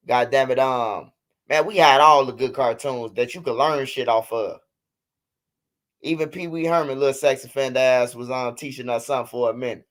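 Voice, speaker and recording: A man's voice: mid-range voice, normal speed, fairly bright tone. Profane, rambling man chatting on stream. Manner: loose, profane storytelling. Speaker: livestream host. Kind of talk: casual livestream chat.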